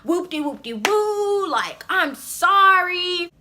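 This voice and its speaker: A woman voicing her young boyfriend in a retold story, defensive and pleading in a drawn-out way. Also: very high voice, big pitch swings, sharp tone, pitched above the performer's own voice, full character voice. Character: young man pleading his innocence, boyfriend.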